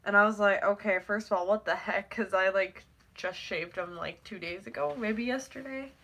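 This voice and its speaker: A woman's voice: mid-range voice, moderate pace, a bit bright. A teenage girl with a stuffy, congested nose, rambling casually on a live stream, full of "like" and casual swearing.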